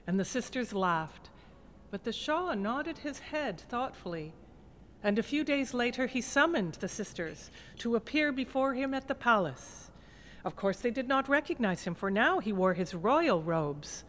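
A woman storyteller narrating a folk tale in a lyrical, expressive way in a museum gallery. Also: medium pitch, normal speed.

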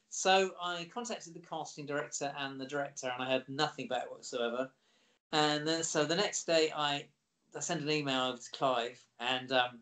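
A lively middle-aged man chatting as a guest, with a voice pitched a bit higher than most men's. He tells anecdotes in an animated, high-energy way. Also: moderate pace. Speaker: actor guest. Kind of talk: casual interview anecdotes.

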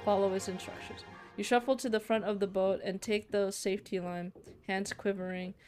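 A young woman streamer reads a narrative game's text aloud, breaking off into shocked exclamations and casual fillers. Her voice sits at a middle pitch. Faint game music plays behind her. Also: fairly even intonation, moderate pace, darkish tone. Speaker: let's play streamer. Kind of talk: reading game text and reacting.

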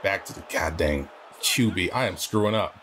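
A man's voice: sits low, lively intonation, normal speed, a bit bright, a little hiss or hum. A man hosting a let's play, exasperated and swearing as he rants at the game while he plays. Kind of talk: gaming commentary.

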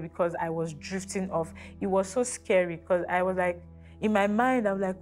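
A woman with a somewhat low voice recounts a frightening memory in a measured, earnest way. Soft music plays faintly underneath. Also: steady tone. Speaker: interviewee. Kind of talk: personal testimony.

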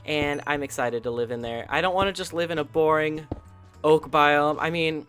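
Excitable gaming commentator, faint music. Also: mid-range voice, moderate pace. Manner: excitable, chatty, gasps and coos often. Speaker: host of a gaming channel. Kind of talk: casual gameplay commentary.

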